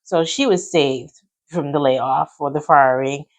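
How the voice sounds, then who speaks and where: Woman retelling a layoff, low voice. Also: a little slow. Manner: animated, acts out quotes of others. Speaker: podcast host telling her story. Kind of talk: casual storytelling.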